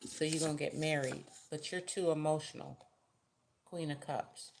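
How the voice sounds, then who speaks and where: Low-voiced woman reading tarot. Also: fairly even intonation, normal speed, vocal fry, a little hiss or hum. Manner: chatty, folksy, gives direct advice. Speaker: tarot reader. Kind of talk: casual tarot reading to the viewer.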